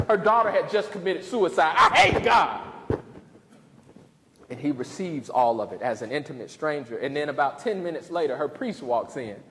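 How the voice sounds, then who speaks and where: A man giving a lively, humorous storytelling lecture in a lecture hall and calling out to the audience. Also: a little high. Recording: reverberant hall, faint noise.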